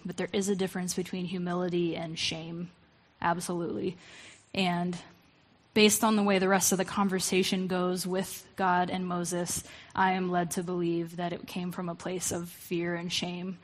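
A woman's voice: fairly low pitch, level tone, moderate pace, in a large hall. A woman giving a casual, conversational sermon, reading verses and musing aloud with many fillers and asides. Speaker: preacher.

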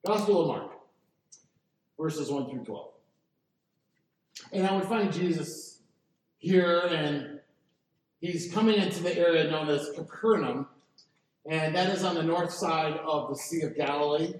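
Man preaching, fairly high voice, echoey church hall, heard from a distance. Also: a little slow, long pauses. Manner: animated preaching, calls for congregation response. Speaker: pastor. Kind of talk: sermon. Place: church sanctuary.

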